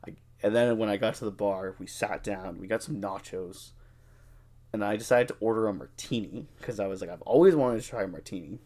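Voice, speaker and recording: A young adult man co-hosting a podcast, telling a drinking story in a casual, animated way, swearing freely and acting out what people said. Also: lowish voice, fairly quick. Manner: animated, profane, acts out quotes. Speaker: podcast co-host.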